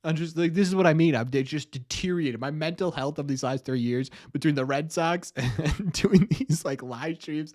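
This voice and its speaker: A man's voice: a little high, normal speed, few pauses, a little mellow. Rambling, laughing young male streamer. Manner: rambling and self-mocking, laughs often. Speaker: live stream host. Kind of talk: casual live stream chat.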